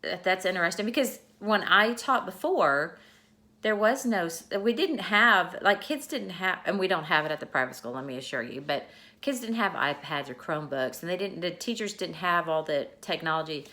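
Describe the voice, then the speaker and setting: A woman's voice: fairly low pitch, expressive, moderate pace, sharp tone. A middle-aged woman teacher, talking to camera in a rambling, emotional vlog.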